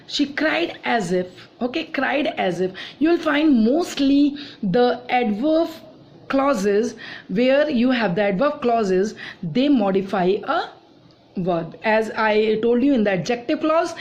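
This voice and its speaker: A woman's voice: on the high side, darkish tone. A woman with an Indian English accent teaching a grammar lesson, repeating each example sentence and saying "okay" often.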